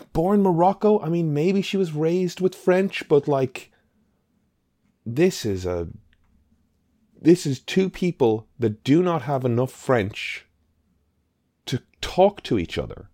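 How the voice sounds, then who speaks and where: A man's voice: fairly high pitch, lively intonation, slow, pauses often, mellow, no echo, studio quality. A man co-hosting a podcast, chatting casually about a film in a rambling, emphatic way with the odd swear. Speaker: podcast co-host. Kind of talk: casual film review chat.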